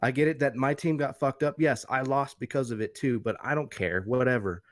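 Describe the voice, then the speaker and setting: A man's voice: medium pitch, fairly quick, dry recording, studio quality. A man in his thirties, a podcast co-host telling a rambling, profane story in casual chat.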